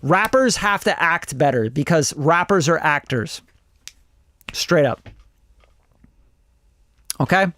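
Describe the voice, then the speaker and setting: A man's voice: a little high, animated, slow pace, long pauses, a bit bright, dry recording. A man reviewing songs on a casual live stream, blunt and profane, often acting out other people's voices. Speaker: music producer reviewing songs.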